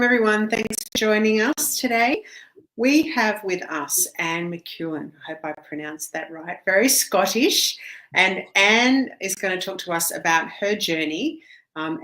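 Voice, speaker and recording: A woman's voice: mid-range voice, fairly bright tone, poor audio. A woman hosting a podcast, introducing a guest and asking questions in a chatty, casual way. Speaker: podcast host. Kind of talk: casual interview.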